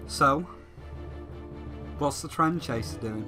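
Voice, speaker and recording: A man's voice: a little high, lively intonation, takes it slowly, long pauses, music in the background. A man giving a profane, sarcastic rant as a gaming commentator. He swears freely and mocks the subject as he talks.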